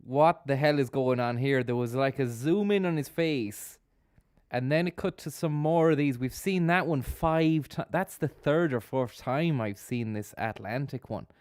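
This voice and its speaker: A man's voice: fairly high pitch, unhurried, darkish tone, no room sound. A man riffs sardonically over a video on his live stream, rambling and cursing as he goes. His voice is close and dry, with no room sound behind it. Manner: sardonic, rambling, swears freely. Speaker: streamer host. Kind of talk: casual live-stream commentary.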